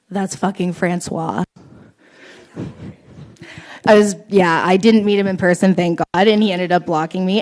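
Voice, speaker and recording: A young Canadian woman does a stand-up set at a small open mic, telling rambling, self-deprecating stories and giggling often. Her voice is fairly low in pitch.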